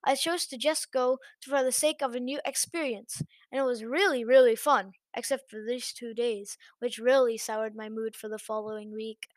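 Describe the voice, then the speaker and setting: A woman narrating an online story as the host of a channel, in a lively, chatty manner. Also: on the high side, moderate pace, no echo.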